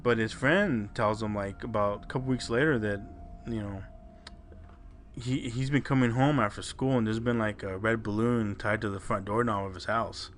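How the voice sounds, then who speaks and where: A man's voice: fairly low pitch, moderate pace, a little hiss or hum. A man co-hosting a podcast, casually retelling a listener's scary story with swearing and restarts. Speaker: podcast co-host.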